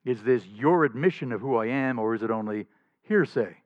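A man voicing a calm prisoner who puts measured, probing questions back to his judge. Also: mid-range voice, lightly acted. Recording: slightly dull lo-fi recording.

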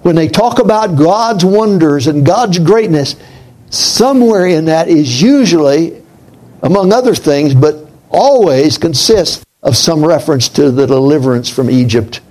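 A man preaching a sermon in a slow, reflective way, dropping to a hush on key points. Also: on the high side, animated, low-quality recording.

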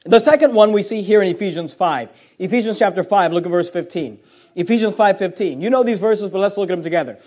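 Male pastor, high voice, emphatic sermon delivery with rhetorical questions. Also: darkish tone. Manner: emphatic preaching, drawn-out scripture quotes, fillers like uh; asks the congregation rhetorical questions.

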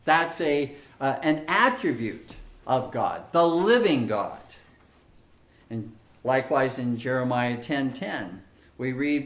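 Slow-talking guy preaching a sermon, mid pitch, emphatic with lots of uhs, roomy echo. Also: lively intonation. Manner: measured, emphatic preaching with frequent fillers and repetitions. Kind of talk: expository sermon. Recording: echoey room.

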